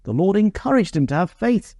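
A man preaching a sermon, reading Bible verses in an earnest voice that slows and lifts on the quoted lines. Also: high voice, big pitch swings, warm tone, no room sound.

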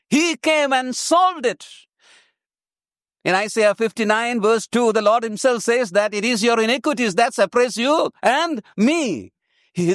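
A man with a high voice delivers a sermon at an unhurried pace. He leans on emphasis and repeats his main phrases. The sound is close and dry. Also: a bit bright, no echo. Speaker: preacher.

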